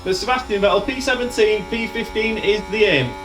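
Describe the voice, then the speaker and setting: A high-pitched, brisk man provides casual let's-play commentary on his racing management game, calling the race with clear exasperation. He's a gaming video host recorded on a distant mic, with game music in the background.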